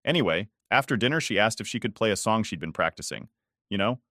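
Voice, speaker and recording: A man's voice: fairly low pitch, expressive, fast, sharp tone, no room sound, clean studio sound. A man narrating a first-person story in a casual, conversational way, swearing often.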